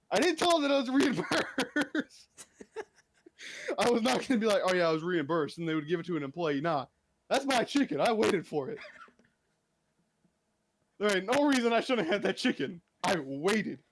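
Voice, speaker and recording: A man's voice: high voice, slight background noise. A young man ranting in casual chat as a streamer, exasperated and laughing as he tells his story.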